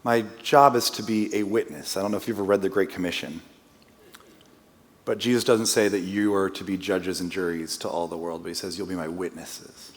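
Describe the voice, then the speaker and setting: A man with a low-sitting voice and a steady tone speaks briskly as a guest preacher in a church sanctuary. Casual and self-deprecating, he tells a personal story with joking asides, and the recording carries long church-hall reverb.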